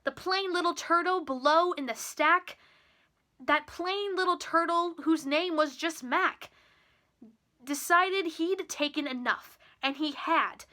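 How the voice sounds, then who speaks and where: A teenage girl reads a children's story aloud with a slow, expressive delivery. Her voice is high and bright. She lingers over the rhymes. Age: teens. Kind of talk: reading a children's picture book aloud.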